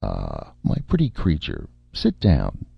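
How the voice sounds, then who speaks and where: A man's voice: rumbling low, wildly swooping pitch, slow, creaky, slightly rough, no room sound, pitched below the performer's own voice, heavily acted. A man voicing a confident, smug male screenwriter who talks in a glib, complacent, lordly way, in a dry, slightly muffled recording.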